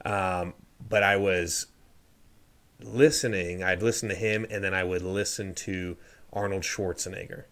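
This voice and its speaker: A man's voice: low voice, steady tone, measured pace, a bit bright. A young man co-hosting a casual podcast, speaking hesitantly with many fillers. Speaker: podcast co-host.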